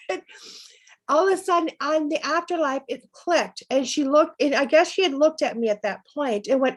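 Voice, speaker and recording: A middle-aged woman, a psychic medium guest, telling personal stories in a lively, chatty way. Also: high voice, normal speed. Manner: lively anecdotal telling with laughs. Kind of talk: storytelling interview chat.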